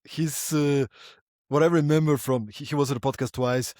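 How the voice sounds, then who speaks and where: A man's voice: fairly high pitch, steady tone, moderate pace, a little mellow, dry recording. A man with a slightly raised voice hosts a podcast in a playful, upbeat way. He acts out snippets of other voices as he tells his stories. The recording is close and dry. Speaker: podcast host. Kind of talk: conversational interview.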